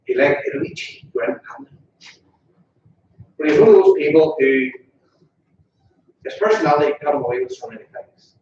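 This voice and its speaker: A man's voice: fairly high pitch, animated, moderate pace, long pauses, a little mellow, a little hiss or hum. A man with a Northern Irish accent giving an informal funeral eulogy in a funeral parlour chapel, chatty and jokey, often asking the mourners questions. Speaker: funeral officiant. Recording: distant, echoey, dull room recording.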